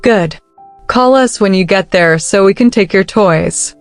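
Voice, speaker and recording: A woman's voice: medium pitch, unhurried, no echo, soft background music, close to an everyday voice. A woman voicing a blunt, mischievous grandmother in her sixties or older. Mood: teasing. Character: teasing, cackling old grandmother.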